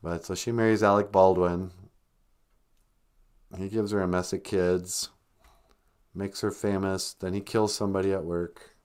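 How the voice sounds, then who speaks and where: A man hosting a comic podcast, rambling and deadpan with sarcastic asides. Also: deep voice, a little slow, pauses often, clean tone. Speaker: podcast host.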